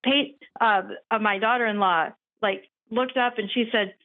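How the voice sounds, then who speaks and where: A middle-aged woman calling in to an advice show, telling a story in a chatty, animated way. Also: a little high, moderate pace. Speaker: caller. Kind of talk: casual storytelling on a call. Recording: tinny phone line.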